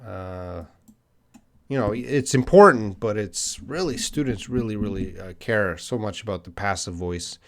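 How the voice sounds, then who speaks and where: This is a lowish male voice with lively intonation and a measured pace. He's a middle-aged English teacher with a Canadian accent, working through viewers' chat questions on a live stream, patient and musing aloud with ums and hmms.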